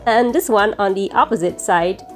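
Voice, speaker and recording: A woman hosting a crafting channel, giving friendly, clear step-by-step instructions in a scripted tutorial voice-over. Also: medium pitch, normal speed, soft background music.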